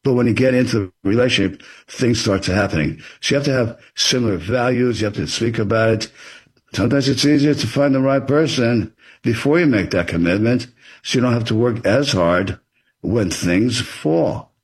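A man's voice: mid-range voice, normal speed, slightly rough. A man being interviewed as an author, explaining things in an earnest, advisory way. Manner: earnest and advisory, acts out example dialogue.

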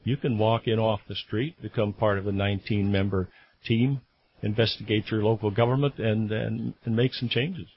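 A man's voice: lowish voice, steady tone, breathy edge. A man appearing as a guest on a radio show, speaking earnestly about civic volunteering and often stumbling and restarting. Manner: earnest, halting, with repeated restarts. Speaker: former grand jury member, studio guest. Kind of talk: radio interview. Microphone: studio microphone. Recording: slightly dull radio broadcast sound.

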